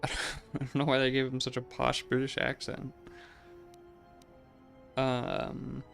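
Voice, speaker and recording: A man's voice: mid-range voice, monotone, takes it slowly, creaky, a bit bright, soft background music. A man hosting a let's play, giving casual gameplay commentary in a chatty, musing way, often saying "like" and laughing.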